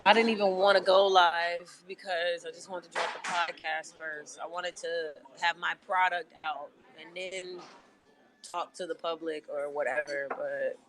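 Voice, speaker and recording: A woman's voice: fairly low pitch, fairly even intonation, unhurried, fairly bright tone. A woman livestreaming from a diner, venting angrily and swearing a lot in a casual, fed-up way. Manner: angry, profane venting. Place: inside a busy diner. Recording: noisy diner crowd behind. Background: restaurant crowd chatter.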